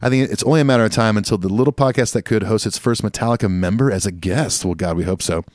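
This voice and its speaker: A man's voice: lowish voice, fast, a little mellow, no room sound, studio quality. A man co-hosting a podcast, reading listener emails aloud with joking asides. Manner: reads emails aloud with joking asides and a put-on Australian accent. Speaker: podcast co-host.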